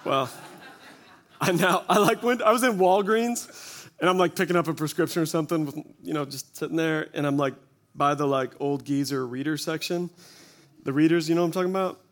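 In a slightly high, fairly bright voice, a forties-aged church speaker talks briskly before an audience at a church gathering. His testimony is humorous and self-deprecating, built from stories with quoted asides.

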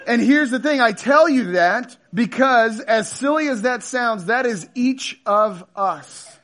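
A man in his thirties preaching a sermon in a casual, joking storytelling way with animated asides. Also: sits high, moderate pace, hardly any pauses. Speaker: pastor.

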